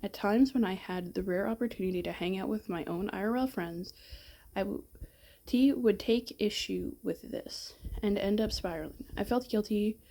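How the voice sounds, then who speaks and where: A young woman reading her own document aloud, soft and halting with hesitations, her voice wearing out. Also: medium pitch, gravelly. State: losing her voice.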